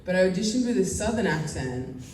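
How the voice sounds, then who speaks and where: A woman's voice: lowish voice, lively intonation, brisk, a little mellow, a little hiss or hum. A young woman with an Australian accent, a guest at a fan panel, chatting casually with frequent laughs and swearing. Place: convention panel hall. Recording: echoey hall, mic heard from far off. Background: convention crowd.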